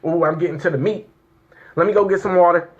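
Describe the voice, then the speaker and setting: A man's voice: high-pitched, steady tone, quick pace, dull audio. A man, fervently reading a declaration to viewers, tearful and crying out in emotional exclamations. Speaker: speaker reading a legal declaration.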